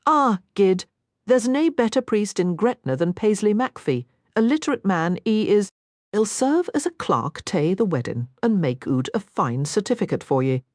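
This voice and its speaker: A jolly, bawdy innkeeper rolls out his words in a thick Scottish accent, slow and broad, as a woman reads him in an audiobook. The delivery is dry and close to the mic. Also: mid-range voice, very animated, darkish tone, dry recording, voice pushed up, close to an everyday voice. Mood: hearty. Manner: broad, thick dialect, hearty. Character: jovial bawdy older male Scottish innkeeper.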